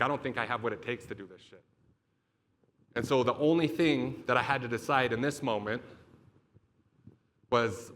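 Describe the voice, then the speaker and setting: A young man giving a motivational keynote speaks in a slightly bright, mid-range voice, with a bit of hiss or hum on the recording. He tells his personal story emphatically, swearing and confessing as he goes.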